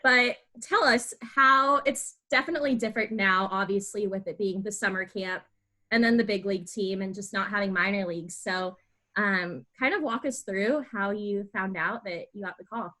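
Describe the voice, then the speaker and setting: Bright, upbeat woman hosting. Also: mid-range voice, moderate pace. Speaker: podcast host. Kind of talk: casual interview chat.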